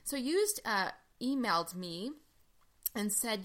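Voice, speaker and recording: Bright, animated woman podcast co-host. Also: on the high side, normal speed. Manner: animated, laughs easily, reads aloud with attitude. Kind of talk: casual chat.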